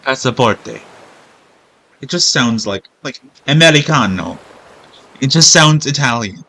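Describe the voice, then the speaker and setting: A man's voice: medium pitch, expressive, unhurried, bright, forceful tone. A man commenting casually during a game playthrough, rambling and thinking aloud while he questions himself. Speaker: gamer. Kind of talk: let's play commentary.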